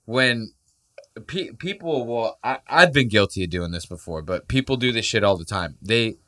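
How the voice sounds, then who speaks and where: Profane, animated podcast host man. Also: medium pitch, moderate pace. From Puerto Rico heritage. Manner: profane, animated, jokey, acts out quoted voices. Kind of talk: casual podcast chat.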